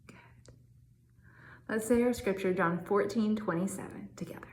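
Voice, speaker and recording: A woman leading a laughter yoga session, reading scripture softly and calmly, then breaking into bursts of laughter and chanted ha-ha sounds as she guides the group. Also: mid-range voice, echoey room. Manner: soft slow calm reading voice for scripture.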